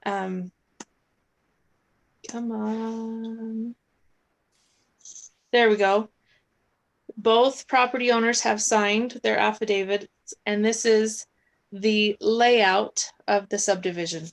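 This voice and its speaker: A woman's voice: mid-range voice, steady tone, slow, gravelly, pauses often, poor audio. A woman city staffer at home, presenting a subdivision plan to a council over a video call, chatty and apologetic with many fillers, losing her voice.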